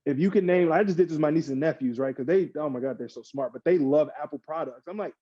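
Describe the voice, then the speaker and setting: A man, a podcast guest, chatting casually and getting worked up, acting out other people in quick mock quotes. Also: high-pitched, no echo, highs cut off. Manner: animated, rants with mock quotes. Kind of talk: casual chat.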